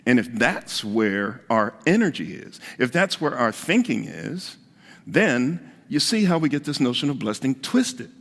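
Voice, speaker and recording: A man's voice: medium pitch, sing-song, a little slow, a bit bright, in a large hall. A man preaching a conversational sermon as pastor, repeating his key points for emphasis.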